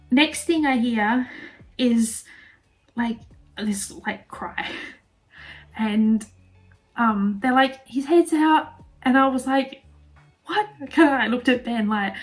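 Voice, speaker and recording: A young woman with an Australian accent, talking to camera in a loose, conversational way. Her voice sits slightly high, and she rambles warmly through her story with plenty of fillers. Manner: chatty, many fillers, emotional and laughing. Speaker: vlogger. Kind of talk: casual personal storytelling.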